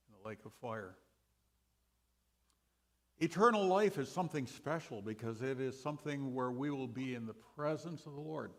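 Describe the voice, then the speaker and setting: Slow, deliberate male Bible teacher. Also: creaky. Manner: slow, deliberate, dynamic rises and drops in pitch and loudness. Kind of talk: sermon teaching session. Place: church.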